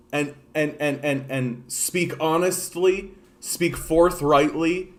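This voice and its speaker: Profane, exasperated Canadian man ranting. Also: a little high. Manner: profane, exasperated, repeats phrases. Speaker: political commentator. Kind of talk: ranting political commentary.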